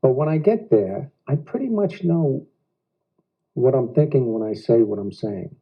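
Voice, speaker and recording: A man's voice: medium pitch, expressive, husky. Man musing in a dull, lo-fi recording. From United States. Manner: reflective, halting phrasing with odd pauses. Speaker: actor being interviewed. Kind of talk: casual interview talk. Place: living room of a private house. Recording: dull lo-fi 1990s home video.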